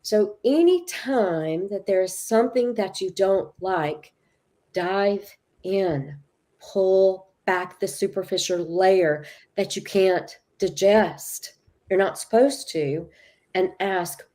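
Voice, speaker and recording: Warm-voiced woman teaching with animated stories. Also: medium pitch, slow pace. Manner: emphatic, acts out quoted dialogue. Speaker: spiritual teacher guest. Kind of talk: animated storytelling talk.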